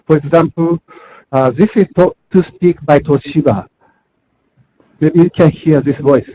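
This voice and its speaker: Hesitant man presenting over a muffled call. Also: on the high side. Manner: hesitant, halting with self-corrections. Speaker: conference presenter. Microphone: video call. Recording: muffled video-call audio.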